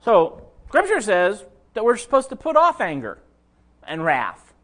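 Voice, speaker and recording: A man's voice: high voice, wildly swooping pitch, a little slow, fairly bright tone. A pastor preaching a sermon, talking conversationally and addressing his listeners directly.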